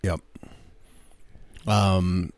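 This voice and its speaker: Male, very deep pitch; laid-back co-host with deadpan delivery. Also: very slow. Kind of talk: casual comedic chat.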